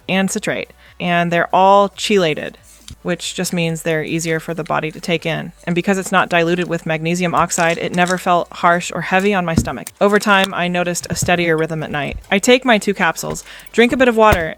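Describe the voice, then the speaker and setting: Calm woman narrating a product review. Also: on the low side.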